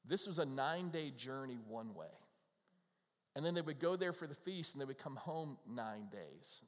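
A middle-aged male pastor giving a casual, conversational sermon, often acting out the voices of people in the scriptures. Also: mid-range voice. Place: church. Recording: long reverb of a church hall.

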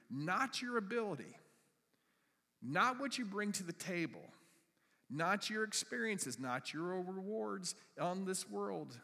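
A man's voice: medium pitch, fairly bright tone. A male pastor preaching a sermon, his voice rising and dropping for emphasis. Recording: long hall reverb.

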